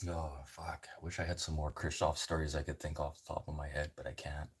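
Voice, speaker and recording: A man's voice: extremely low pitch, little pitch movement, brisk, slight background noise. A man, a livestreamer chatting with viewers and rambling through stories with lots of swearing. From Canada. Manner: profane, rambling storyteller. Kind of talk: casual chat with viewers.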